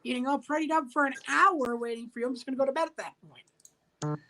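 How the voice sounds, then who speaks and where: A man's voice: very high-pitched, sharp tone, heavily acted. A man doing a bossy, impatient teenage girlfriend. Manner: swearing, fast demands.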